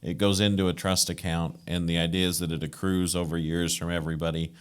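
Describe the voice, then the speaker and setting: Man, city official, very low pitch, calm explanation, council meeting. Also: fast talker, smooth. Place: council chamber.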